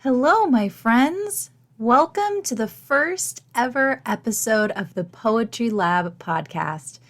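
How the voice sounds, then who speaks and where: A woman hosting a solo podcast, talking in a candid, chatty, self-deprecating way, her voice gravelly and worn after losing it. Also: fairly high pitch, animated, takes it slowly, soft background music. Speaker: podcast host and teaching artist.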